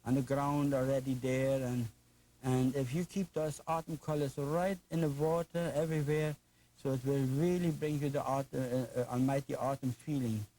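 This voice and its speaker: A man's voice: mid-range voice, steady tone, moderate pace, mellow, a little hiss or hum, low-quality recording. An older man with a German accent, teaching a painting lesson in an enthusiastic, folksy, chatty way with playful asides. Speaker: painting instructor.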